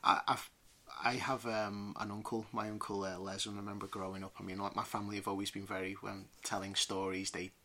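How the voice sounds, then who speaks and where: A man's voice: lowish voice, flat delivery, fairly quick, slight background noise. A man from the United Kingdom hosting a podcast interview, agreeing readily and laughing often. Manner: warm agreeing, laughs often, many affirmations. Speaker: podcast host.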